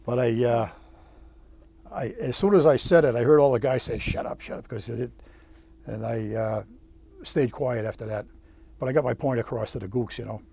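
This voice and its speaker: A man, a former Marine, telling his war story in an interview, halting with many restarts and blunt swearing. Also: medium pitch, vocal fry, mellow, breathy edge. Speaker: veteran interviewee. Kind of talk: oral history storytelling.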